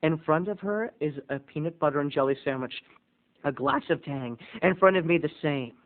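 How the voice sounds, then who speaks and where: A man hosting a video blog, telling a comic story with theatrical swings between booming and hushed. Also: moderate pace. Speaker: vlog host. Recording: tinny phone-like audio.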